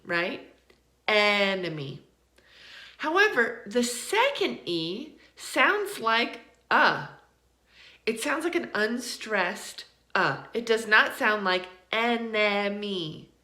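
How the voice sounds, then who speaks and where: A woman teaching English pronunciation in an online lesson, encouraging and repeating words slowly to model them. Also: medium pitch, sharp tone, roomy sound.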